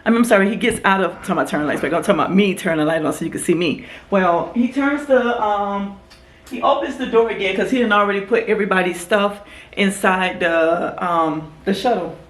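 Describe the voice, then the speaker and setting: A woman vlogger telling a casual story to her camera, animated and acting out what people said. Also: brisk. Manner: animated storyteller, acts out quotes in a higher voice. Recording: echoey room.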